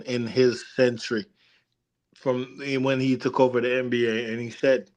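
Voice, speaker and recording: A young man co-hosting a casual sports debate, talking emphatically and rambling, often repeating himself to hold the floor. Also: mid-range voice. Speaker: co-host.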